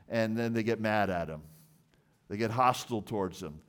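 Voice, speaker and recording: A man delivers a church sermon in a fairly low voice. He preaches earnestly and emphatically, stressing and repeating key words and sometimes stumbling over the start of a phrase. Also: brisk. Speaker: pastor.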